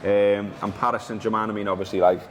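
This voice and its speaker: A man's voice: fairly low pitch, little pitch movement, fast talker, long reverb tail, slight background noise. A man hosting a football podcast in a loose, teasing chat, tripping over names. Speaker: podcast host. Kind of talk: casual chat.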